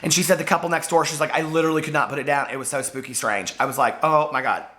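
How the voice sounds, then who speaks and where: A man chatting to camera as a book vlogger, gushing and full of fillers, hoarse from losing his voice. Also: a little high, rapid-fire, pushed and bright. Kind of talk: casual chat to camera.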